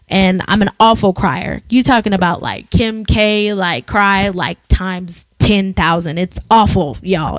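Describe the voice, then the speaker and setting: A woman co-hosting a podcast, chatting casually and telling a personal story with animated, acted-out quotes. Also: mid-range voice, no echo. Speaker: podcast co-host. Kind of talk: casual chat.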